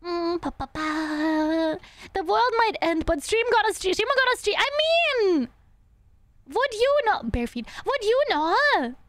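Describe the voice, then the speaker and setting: Bubbly, very high-voiced young woman streamer. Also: sing-song, unhurried, dry recording. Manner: playful, bubbly, hums little sound effects. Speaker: VTuber streamer. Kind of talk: live gameplay commentary.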